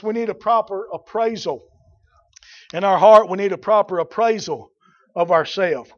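A man preaching a folksy, blunt sermon that builds to shouting. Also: high-pitched, normal speed, dull audio.

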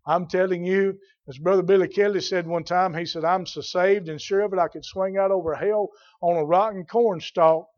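A man preaching a fiery revival sermon, swinging from loud emphatic swells down to quiet asides. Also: high voice, highs cut off.

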